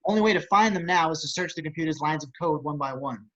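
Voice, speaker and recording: A man plays a brisk engineer who rattles off technical explanations. His voice is somewhat high and rapid, and the sound is muffled and lo-fi. It is a home table read. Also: fairly bright tone, a little hiss or hum, lightly acted. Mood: explaining. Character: male engineer at a control room computer, brisk. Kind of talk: table read over video call.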